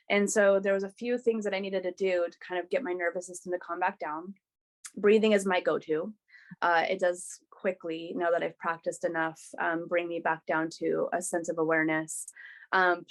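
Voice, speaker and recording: A woman guest on a podcast, sharing a personal story in a candid, animated way with frequent restarts. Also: mid-range voice, moderate pace.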